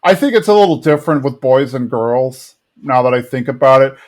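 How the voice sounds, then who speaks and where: A man's voice: mid-range voice, expressive, brisk, a little mellow. A man co-hosting a podcast, casually recapping an episode and rambling, sometimes acting out characters' lines. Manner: rambling, acts out lines in funny voices. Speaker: podcast co-host.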